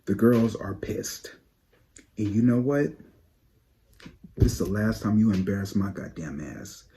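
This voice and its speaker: A man giving sassy, profane gossip commentary to his viewers, dropping to low mutters and jumping up to high exclaims. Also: a little slow, warm tone, slight background noise. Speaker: psychic tarot channel host.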